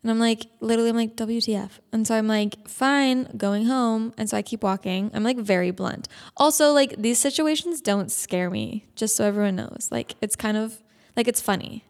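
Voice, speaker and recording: A young woman from Canada casually telling stories on her vlog, blunt and fast-talking, swearing and laughing often. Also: fairly high pitch, darkish tone, in a large hall. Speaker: vlogger. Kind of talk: casual storytelling.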